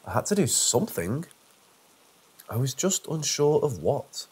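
A man's voice: medium pitch, big pitch swings, measured pace, darkish tone, husky. Man reading a first-person horror story.

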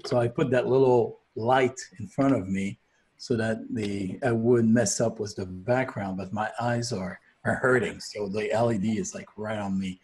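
A man guest on a video call, upbeat and excitable, chatting casually. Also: on the low side, moderate pace. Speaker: guest, app developer.

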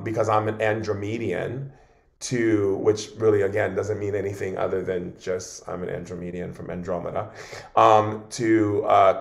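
Gravelly low-voiced man telling a story. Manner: earnest, meandering, many fillers and restarts. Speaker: guest shaman. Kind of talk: storytelling in a podcast interview.

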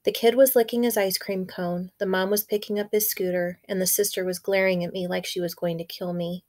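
A woman teacher reading a children's novel aloud with clear, expressive storytelling. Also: medium pitch, fairly quick.

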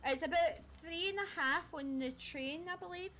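High-voiced woman streamer. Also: normal speed, sharp tone, slight background noise. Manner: chatty, laughs often, scattered. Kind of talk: casual live-stream chat while gaming.

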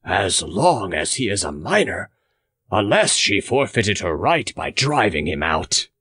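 A male audiobook reader voicing a blustering, hearty farmer who lectures with loud emphasis. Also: lowish voice, sing-song, measured pace, slightly rough, dry recording, exaggerated voice. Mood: emphatic.

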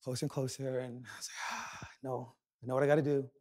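A man preaching a sermon as a pastor, telling a personal story with animated, self-deprecating humor and quick asides. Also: mid-range voice. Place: large church auditorium.

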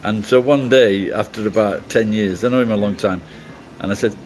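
A man's voice: lowish voice, moderate pace, a little mellow, slight background noise, poor audio. A middle-aged man from England chatting casually on a livestream, rambling and swearing bluntly as he answers comments. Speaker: livestream host.

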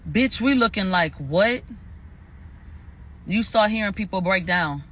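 This commentator retells a court verdict in a heated, profane way, hammering points by repeating phrases. His voice sits high and bright with a forceful tone, and he talks a little slowly, pausing often.

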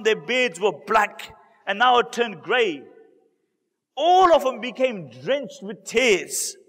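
A man telling a story in a sermon, earnest and dramatic, with emotional pauses. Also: very high voice, bright, forceful tone. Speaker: preacher. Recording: long hall reverb.

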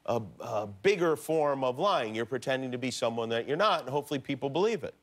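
A man's voice: mid-range voice, expressive, fast talker. A middle-aged man hosting a late-night talk show, asking dry, joking questions.

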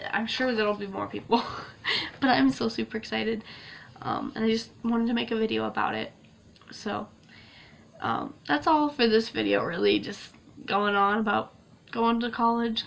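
Gushing young woman vlogger with gravelly voice. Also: on the high side, slight background noise. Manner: emotional, gushing, laughs often, many fillers. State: tearing up. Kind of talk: casual vlog talk to camera.

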